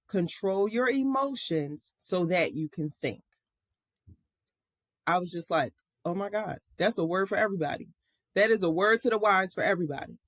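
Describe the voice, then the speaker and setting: A woman's voice: medium pitch, dry recording, clean studio sound. A middle-aged woman hosting a show, chatting emphatically and repeating phrases for effect as she tells a personal story. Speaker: host. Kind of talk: casual storytelling monologue.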